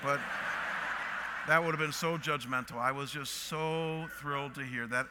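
A middle-aged man, a pastor, telling a story in a sermon and then praying, animated and full of restarts. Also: fairly high pitch, moderate pace, background noise. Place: church auditorium. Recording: long hall reverb.

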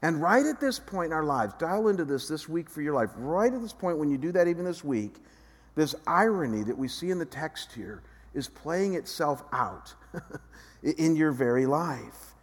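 Pastor preaching in a reverberant hall. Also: male voice, on the high side, normal speed. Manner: swings from hushed reflection to loud animated emphasis, acts out voices. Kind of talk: sermon.

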